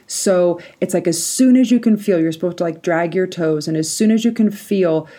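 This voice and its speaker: Warm-voiced woman telling a lively story. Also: sits low. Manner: lively personal storytelling with frequent likes and laughs. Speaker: podcast host. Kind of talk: solo podcast storytelling.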